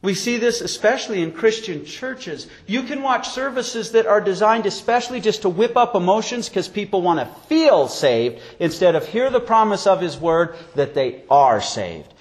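A man with a fairly high voice preaches a sermon as pastor. He tells stories from his own life and acts out what people said. His voice rises and drops sharply. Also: sing-song, normal speed, hardly any pauses.

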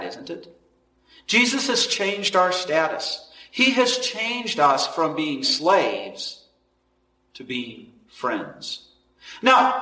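A man preaching a sermon, swinging between loud emphatic lines and hushed, slow ones. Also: sits high, reverberant, far from the mic, poor audio. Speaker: pastor.

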